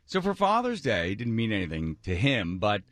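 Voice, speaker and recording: A low-voiced man on talk radio tells a family story with lively, swinging pitch, acting out the voices of others. The studio sound is dry and close. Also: a little fast, dry recording. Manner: animated, acts out quotes of others. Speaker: radio talk show host.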